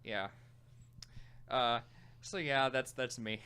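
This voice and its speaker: A man's voice: medium pitch, takes it slowly, sharp tone, clear, resonant tone. A man co-host chatting casually about a game, with dry, laid-back reactions. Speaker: podcast co-host. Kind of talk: casual chat.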